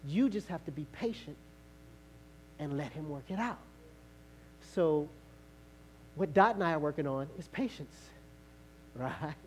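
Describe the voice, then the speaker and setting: A male pastor delivering a sermon in a lively, storytelling way. His voice sits high for a man, and he acts out little dialogues and repeats phrases to drive a point home. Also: normal speed, long pauses, slight background noise, poor audio. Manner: animated, storytelling with acted-out dialogue and repetition.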